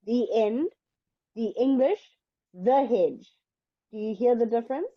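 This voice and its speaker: A woman teaching English in an online lesson, explaining step by step in a patient, slow way. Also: on the high side, animated, muffled recording.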